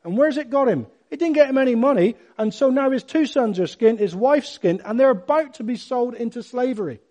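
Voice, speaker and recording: Casting: middle-aged male preacher, light high voice, emphatic bursts. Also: a little fast. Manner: emphatic, animated preaching with sudden loud bursts. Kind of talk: sermon.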